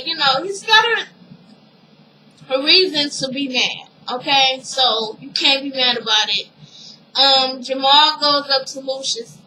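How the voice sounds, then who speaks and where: A woman casually recapping a TV episode for her viewers, animated and emotional, with frequent asides to the audience. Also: high-pitched, slight background noise, poor audio.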